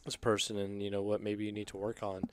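A man speaking as a podcast guest in casual conversation, reflective and earnest, pausing often with fillers and restarts. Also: fairly low pitch, monotone, smooth. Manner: halting, with many fillers and restarts. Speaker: guest, stand-up comedian.

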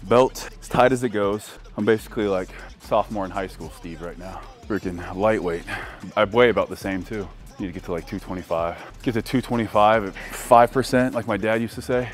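A man's voice: lowish voice, brisk, faint music behind. A man vlogging casually through a tiring leg workout at the gym, joking at his own expense. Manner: joking, self-mocking. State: tired, worn out from training. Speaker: fitness vlogger. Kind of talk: casual vlog chat during a workout.

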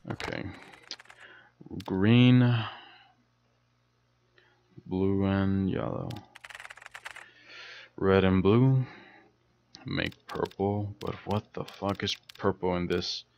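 Man, deep gravelly voice, slow muttering let's-play talk, frequent swearing, muffled lo-fi mic, faint keyboard clicks. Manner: muttering, swears often, thinks aloud. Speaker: gamer playing a horror game. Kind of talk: casual let's play commentary. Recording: dull lo-fi mic with faint noise.

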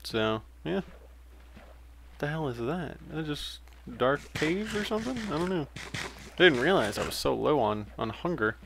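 A man's voice: on the high side, big pitch swings, measured pace, gravelly, background noise. A young man giving casual, rambling commentary while playing a game, with frequent fillers and self-corrections. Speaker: let's play gamer.

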